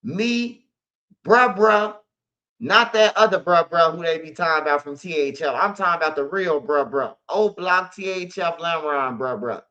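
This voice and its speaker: A man's voice: on the high side, moderate pace, bright, forceful tone. A man, a show host telling stories in a casual monologue, heavy on street slang and "bro". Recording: slightly dull lo-fi audio.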